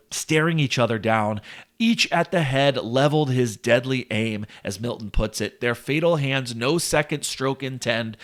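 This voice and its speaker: A man giving a casual lesson on a classic poem, chatty and full of fillers. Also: medium pitch. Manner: chatty, with frequent "uh" and "like". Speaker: literature explainer.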